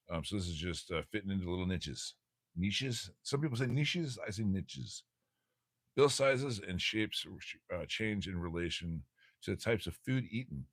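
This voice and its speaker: A man's voice: sits low, a bit bright, no room sound, studio quality. A man hosting a casual livestream, reading aloud from a bird textbook, stumbling over words and cracking jokes as he goes. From United States.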